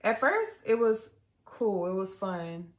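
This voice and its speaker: A young woman hosting a live stream, casually telling a story in an animated, dramatic way and laughing often. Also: mid-range voice, takes it slowly. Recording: roomy echo.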